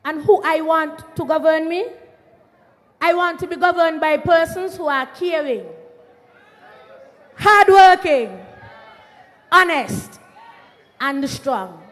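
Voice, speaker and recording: A young woman with a Kittitian accent giving a political rally speech outdoors, shouting call-and-response lines to the crowd. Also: very high voice. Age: young adult. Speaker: rally speaker. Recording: PA echo over outdoor crowd.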